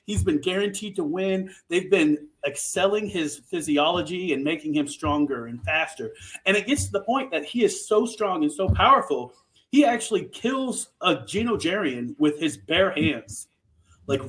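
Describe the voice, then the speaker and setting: A man hosting a podcast, recapping a book in a casual chat, animated and swearing freely. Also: high-pitched, rough recording. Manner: animated, profane, full of restarts. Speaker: podcast host.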